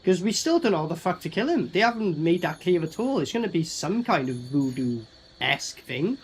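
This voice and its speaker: A man's voice: on the high side, very animated, normal speed, background noise. A man giving a casual, sweary running commentary as he reviews a film. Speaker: movie reviewer.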